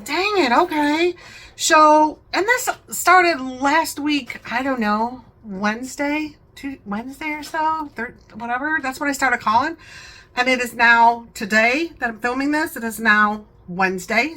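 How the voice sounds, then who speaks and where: A woman's voice: sits high, a little slow, bright, forceful tone, rough recording. A talkative woman hosting a home vlog, rambling chattily and laughing often. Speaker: vlogger, channel host.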